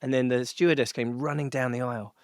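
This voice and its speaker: A middle-aged man, a musician guest, telling a story in an interview with animated delivery, frequent laughs and many fillers and restarts. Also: mid-range voice, quick pace, clear, resonant tone, no room sound, studio quality.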